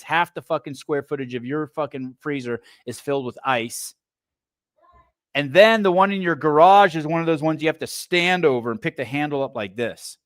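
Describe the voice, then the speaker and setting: A man's voice: on the high side, clear, resonant tone, no room sound. Male podcast host, rambling and foul-mouthed, talking close to a dry mic. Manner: profane, rambling riffs with stammered restarts. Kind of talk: casual livestream commentary.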